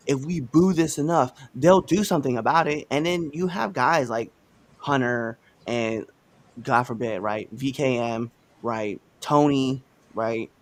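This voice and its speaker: A man in full rant mode on a casual livestream podcast, talking at a middle pitch with lots of swings in emphasis. He swears freely and pushes his points hard, heard through a home video-call setup. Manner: animated, ranting, swears freely. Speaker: podcast co-host.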